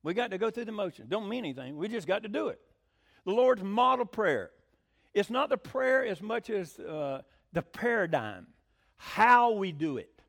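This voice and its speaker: A man preaching a sermon in an animated, folksy, conversational way. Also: moderate pace, creaky. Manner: animated, folksy, with swooping pitch. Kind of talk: sermon teaching.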